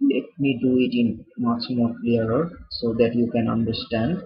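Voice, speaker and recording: Husky young man tutoring chemistry, lo-fi. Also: medium pitch, little pitch movement, normal speed. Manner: self-deprecating, restarts words, addresses viewers as fellas. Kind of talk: casual whiteboard tutorial. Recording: dull lo-fi sound.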